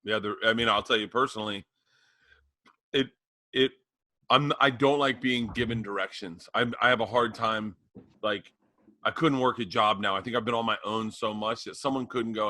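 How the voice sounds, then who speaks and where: Bright-voiced man telling profane stories. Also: fairly low pitch, steady tone, normal speed, no echo. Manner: storytelling, profane, emphatic. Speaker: podcast co-host. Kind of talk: casual podcast chat.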